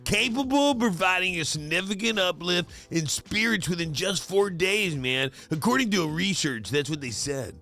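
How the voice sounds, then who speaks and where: A man doing a laid-back male hippie voice, slow and dreamy, closing his lines with "man". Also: sits high, lively intonation, bright, forceful tone, faint music behind, heavily acted. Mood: mellow.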